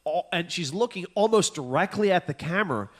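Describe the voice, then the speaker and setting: Animated, profane comedy podcast guy. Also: sits high, a little fast. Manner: animated, profane, acts out exasperated reactions. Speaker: podcast co-host. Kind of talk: casual comedic chat.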